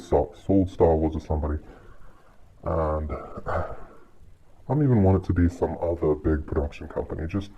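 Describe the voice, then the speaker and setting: A man's voice: low-pitched, mellow. A man giving a casual, exasperated movie rant on his channel, swearing often and sighing between points. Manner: exasperated, profane, frequent sighs. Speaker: video creator reviewing a movie. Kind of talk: casual ranting commentary. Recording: dull lo-fi audio with faint hiss.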